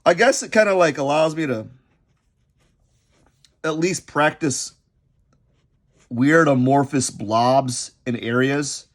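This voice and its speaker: A man chatting unscripted while he sketches, rambling and halting, often repeating himself as his thoughts drift. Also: on the high side. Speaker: artist vlogger.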